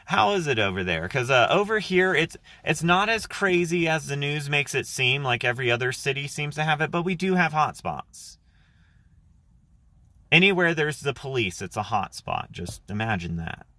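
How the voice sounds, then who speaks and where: A man's voice: on the high side, sing-song, moderate pace, sharp tone, no room sound. A man live streaming from his phone, reading aloud and then chatting casually, rambling and swearing freely. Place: outdoors.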